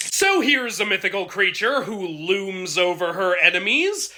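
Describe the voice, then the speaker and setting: A man's voice: high-pitched, sing-song, measured pace, background noise. A man narrating mythology in a comedy sketch, with a sarcastic, punchy delivery.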